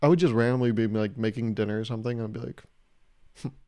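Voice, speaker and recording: A man's voice: mid-range voice, very fast. A man hosting his own podcast, telling comedic stories with lots of swearing and acting out both sides of conversations. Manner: animated, profane, acts out both sides of conversations. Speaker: podcast host. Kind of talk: comedic solo podcast storytelling.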